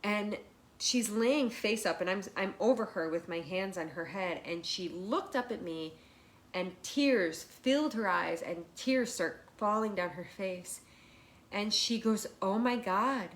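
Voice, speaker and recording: A woman's voice: medium pitch, measured pace. Chatty woman telling a personal story. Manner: chatty, animated retelling with many fillers and restarts. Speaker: guest, massage therapist. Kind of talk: personal storytelling in a podcast interview.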